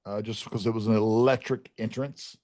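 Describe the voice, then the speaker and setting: A man's voice: lowish voice, steady tone, a little fast, a little mellow, dry recording, clean studio sound. A man co-hosting a podcast, talking in an enthusiastic, hype-filled manner. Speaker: podcast co-host. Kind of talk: casual chat.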